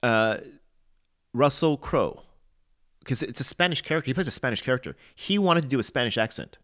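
A man's voice: mid-range voice, expressive, brisk, a bit bright. A man co-hosting a podcast in casual chat, opinionated and hesitant, often restarting his sentences. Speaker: podcast co-host.

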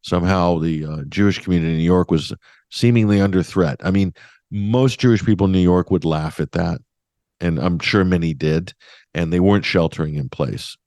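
A man's voice: low-pitched, fairly quick, a little mellow, no echo, clean studio sound. A man hosting a radio talk show, giving opinionated commentary in a sardonic, emphatic way with mocking asides.

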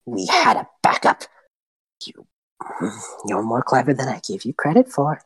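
Woman putting on a scheming hag, very deep, slow threats, whispery, dry sound. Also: wildly swooping pitch, husky, no room sound, full character voice. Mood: menacing. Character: scheming female hag, cold and menacing.

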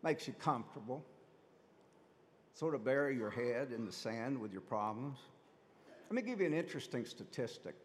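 A man's voice: mid-range voice, animated, normal speed, long pauses. A man preaching a sermon as pastor, addressing the congregation with many rhetorical questions and acted-out quotes. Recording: long hall reverb.

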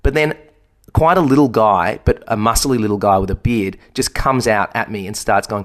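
A man's voice: fairly low pitch, moderate pace, a bit bright. Rambling man telling a story. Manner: rambling, self-deprecating, acts out quoted voices. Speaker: podcast co-host. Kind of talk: casual storytelling chat.

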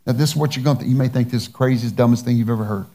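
A man's voice: medium pitch, racing, dark tone, faint music behind. A male pastor, telling a personal story in a sermon and acting out the dialogue. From United States.

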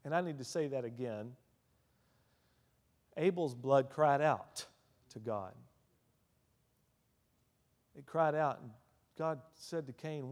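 A male preacher's voice trails into long reverb in a large church hall; he's a little higher-pitched than most men, with lively intonation, an unhurried pace, and long pauses. He swings from near-murmured asides to loud, ringing declarations, calling out hallelujah and amen between points.

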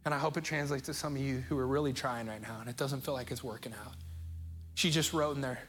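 A middle-aged man with an American accent preaching a sermon as pastor, earnest and openly emotional, slowing right down on key phrases. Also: medium pitch, fairly even intonation, a bit bright, faint music behind. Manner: emotional, earnest, speeds up and slows down for emphasis.

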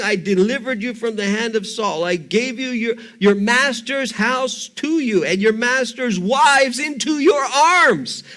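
A stern prophet confronts a guilty king with slow, heavy emphasis, as a preacher acts him. Each accusation lands forcefully, in a high man's voice.

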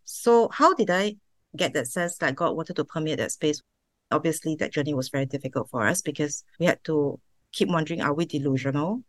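Low-voiced woman sharing a heartfelt testimony. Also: a little fast, dry recording. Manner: emotional, heartfelt, sometimes laughing and tearful. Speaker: interview guest, server founder. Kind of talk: personal testimony.

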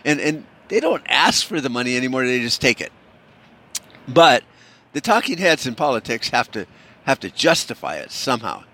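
Man, from the United States, casual rant, sarcastic, swearing, rambling, restarts, mid-pitched. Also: big pitch swings, moderate pace, sharp tone.

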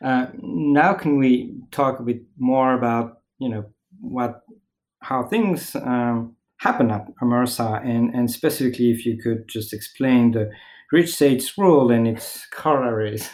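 A man with a mid-range voice hosts a podcast interview. He puts his questions to the guest hesitantly, with pauses and fillers. He speaks in an everyday conversational tone. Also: medium pitch, darkish tone, rough recording.

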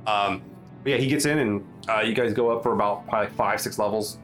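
A man's voice: lowish voice, fast talker, fairly bright tone, soft background music. A man narrating as game master of a tabletop role-playing game, talking loosely with many fillers and restarts.

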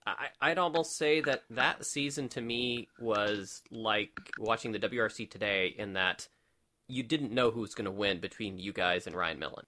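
Bright-toned low male podcast host. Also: moderate pace. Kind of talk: casual interview.

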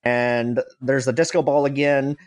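A man's voice: mid-range voice, level tone, darkish tone. Brief: male comedy regular, frantic play-by-play, stammering, exasperated. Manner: rushed, stammering, exasperated, swears and laughs. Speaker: show regular. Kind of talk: frantic live description of a music video.

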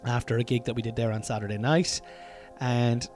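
An Irish man talks through his podcast in a loose, meandering way, restarting sentences and dropping swear words as he goes. His pitch sits in the middle for a man. Faint music plays somewhere behind him. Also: level tone, fairly quick, a little mellow. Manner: rambling, self-interrupting, sweary and chatty. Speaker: podcast host. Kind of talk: casual solo podcast monologue. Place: room at home.

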